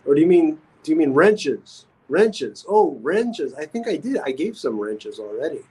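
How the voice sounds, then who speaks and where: A man's voice: on the high side, sing-song, moderate pace, dark tone, husky, rough recording. A man hosting a casual livestream, reading comments aloud and rambling with repeated phrases and stammers. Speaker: livestream host.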